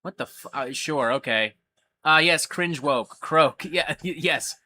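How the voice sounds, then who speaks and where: A man's voice: a little high, a little slow, pushed and bright, a little hiss or hum. A man hosting a casual livestream. He reads viewer questions aloud and answers them with blunt, swear-filled rants. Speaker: livestream host.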